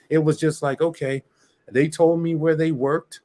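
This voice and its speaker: A man's voice: a little high, little pitch movement, moderate pace, warm tone. A man on a dating-show review panel, arguing his point in casual talk with many restarts. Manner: argumentative, explains at length with many restarts. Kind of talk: casual debate on a video panel.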